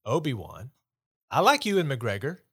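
Podcast host, man, middle-pitched, rambling and blunt in his takes. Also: huge pitch swings, normal speed, breathy edge. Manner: opinionated, rambling, dismissive. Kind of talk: casual chat.

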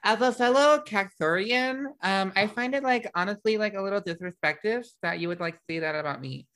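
Brief: deadpan, playful drag co-host, self-deprecating casual chat. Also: mid-range voice, quick pace, clear, resonant tone. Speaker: drag performer and podcast co-host.

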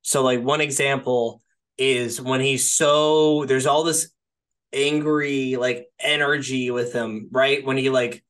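A man's voice: medium pitch, fairly even intonation, slow pace, fairly bright tone. Male podcast co-host, casual and rambling, heavy on filler and "right?" checks, swears offhand. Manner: rambling, peppers speech with "like" and "right?". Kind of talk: casual film discussion.

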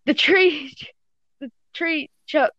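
A woman with a slightly high voice reads a story aloud in a loose, stumbling way, backing up to fix her words. The sound is dry and muffled, like a home mic in a voice call. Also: takes it slowly, no room sound. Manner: stumbling, self-correcting reading. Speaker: reader of fan fiction. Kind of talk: casual reading aloud with friends.

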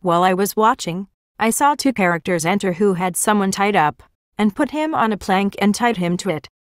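A woman's voice: mid-range voice, lively intonation, moderate pace, dry recording, studio quality. A woman giving a first-person religious vision testimony in an earnest, plain storytelling manner.

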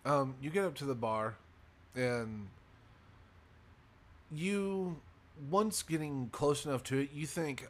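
A man's voice: on the high side, animated, slow, pauses often, fairly bright tone. A man narrating as game master in an online tabletop game, rambling with many fillers and self-corrections. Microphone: voice call.

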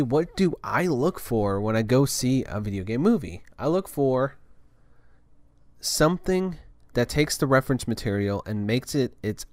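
A young adult man hosts a podcast as a casual, rambling monologue, full of fillers and restarts. His voice is mid-range, with no room sound.

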